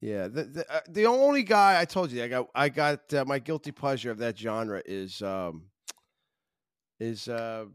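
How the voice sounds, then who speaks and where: A man co-hosting a casual sports podcast, talking in halting, restarting bursts. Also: medium pitch, big pitch swings, clear, resonant tone, no room sound, clean studio sound. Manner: halting, trailing off and restarting, chuckling. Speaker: podcast co-host.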